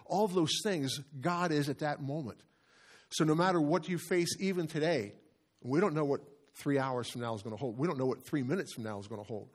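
A middle-aged man preaching a sermon in a church, repeating phrases and slowing down to stress key words. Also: on the high side, husky. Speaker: pastor. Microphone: handheld or stand microphone.

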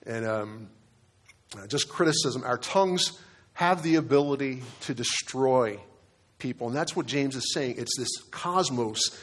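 Man preaching a conversational sermon. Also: medium pitch. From Delaware, United States. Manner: conversational preaching with fillers and repeated words. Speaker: pastor.

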